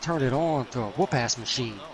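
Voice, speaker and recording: A man's voice: medium pitch, normal speed, lightly acted, poor audio. A man putting on the voice of a jumpy, crude farmhand as he retells a movie scene. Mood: rowdy. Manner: loud, crude slang. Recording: stadium crowd noise from the game.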